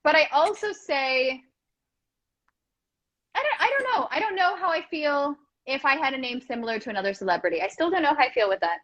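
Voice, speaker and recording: A woman with a fairly high voice co-hosts a relaxed podcast chat. She rambles and thinks aloud. Her voice comes through a muffled, lo-fi video call line. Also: a little fast. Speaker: podcast co-host. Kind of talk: casual chat.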